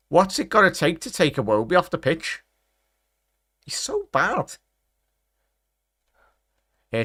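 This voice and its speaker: A young man from England hosts a football watchalong, chatting loosely with his viewers and calling everyone mate. His voice sits at an ordinary middle pitch. The sound is close and dry, with no room around it. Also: a bit bright, no room sound. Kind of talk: casual live-stream chat and match commentary.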